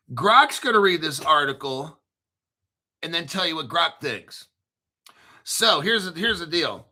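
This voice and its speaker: A man's voice: a little high, pushed and bright. Blunt, profane middle-aged male crypto vlogger. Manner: emphatic, repeats himself. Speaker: crypto video host. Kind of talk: casual ranting commentary.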